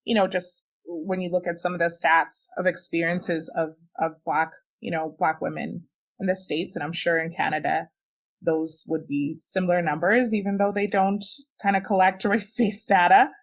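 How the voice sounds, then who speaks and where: This young woman, a guest on a podcast, has a voice on the low side with a steady tone and moderate pace. She candidly and emotionally relates something personal, leaning heavily on "like" and "you know."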